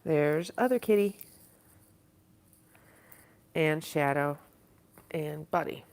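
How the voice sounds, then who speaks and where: A woman's voice: low-pitched, slow, a little mellow. A woman hosting a casual livestream from her apartment, talking in a put-on Southern US accent, rambling and chatty with frequent laughs. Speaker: livestream host. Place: at home in an apartment. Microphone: device camera.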